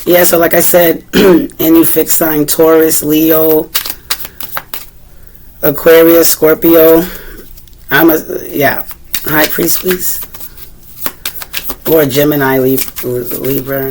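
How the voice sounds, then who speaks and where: A woman's voice: sits low, flat delivery, slow, pauses often, background noise. Chatty Boston woman reading tarot. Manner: chatty, asks the cards questions aloud, clears throat often. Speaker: tarot reader.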